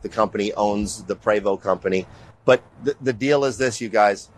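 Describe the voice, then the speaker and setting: A man's voice: medium pitch, poor audio. A middle-aged man hosting a show, talking casually and with energy to viewers as he walks them around. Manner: animated and rambling, often addressing viewers as "you guys". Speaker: show host. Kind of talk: casual walking-tour talk to viewers.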